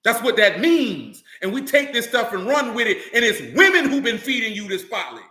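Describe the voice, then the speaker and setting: A man's voice: extremely high pitch, sing-song, a little fast, sharp tone, echoey room. A man preaching a sermon in a blunt, colloquial way, full of rhetorical questions.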